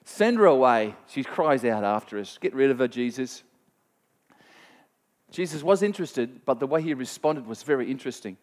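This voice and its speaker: A man preaching a sermon, retelling a scripture story in a conversational, animated way and speaking directly to his listeners. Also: medium pitch, moderate pace. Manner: animated storytelling, voice rising sharply when quoting scripture; conversational, plain-spoken teaching with asides to listeners.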